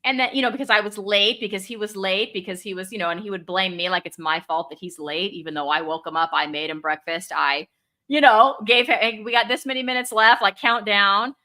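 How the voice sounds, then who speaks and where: A middle-aged woman, a mother, chatting casually and telling stories with lively acted-out quotes. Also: medium pitch, fairly quick. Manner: animated storyteller, acts out quotes. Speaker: guest. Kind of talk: casual chat.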